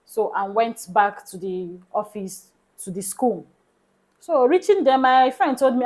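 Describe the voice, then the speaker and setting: A Nigerian woman vlogger recounting a personal story in casual talk. She is animated and slips into soft hushed tones. Her voice sits somewhat high. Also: a little slow, poor audio.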